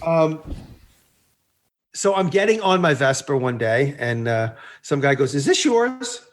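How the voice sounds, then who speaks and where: A man telling casual stories as a podcast guest, animated, swearing freely and acting out the people in them. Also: medium pitch, unhurried. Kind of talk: casual storytelling.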